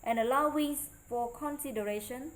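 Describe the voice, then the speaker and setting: A woman whose voice sits high and sounds a bit bright reads a student presentation aloud in lecture form. Her careful, halting delivery carries non-native grammar, and the audio is poor.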